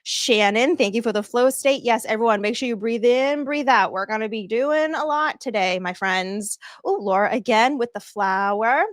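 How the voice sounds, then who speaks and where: A woman's voice: on the high side, normal speed, hardly any pauses, no echo, studio quality. A woman with a Boston accent hosting a casual livestream, bubbly and effusive as she thanks viewers and laughs often. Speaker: livestream host. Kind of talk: casual live-stream chat thanking viewers.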